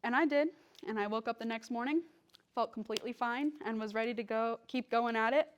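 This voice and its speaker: A woman's voice: fairly high pitch, fairly quick, highs cut off, a little hiss or hum. A young woman, a guest speaker, telling a personal story to a church congregation in a casual, chatty way with many fillers. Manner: casual storytelling with fillers, acts out quoted lines.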